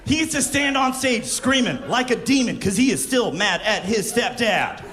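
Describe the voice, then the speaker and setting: A man performing a stand-up comedy set, animated and breaking into shouted character bits. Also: sits high, unhurried, music in the background.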